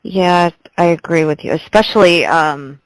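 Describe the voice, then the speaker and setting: Interview host, woman, lowish voice, eager, dry close sound. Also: normal speed, dry recording, poor audio. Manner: eager, laughs between questions. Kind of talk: interview questions.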